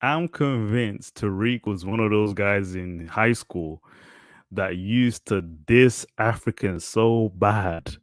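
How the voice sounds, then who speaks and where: Guy doing reaction commentary, lowish voice, dry sound, chill and amused. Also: takes it slowly, dry recording.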